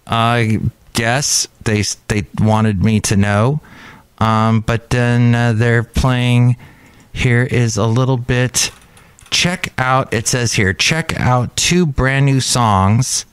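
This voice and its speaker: A man's voice: mid-range voice, fairly even intonation, takes it slowly, clear, resonant tone, dry recording. A man hosting his own podcast, chatting casually and rambling from one aside to the next. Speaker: podcast host. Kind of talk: casual solo podcast chat.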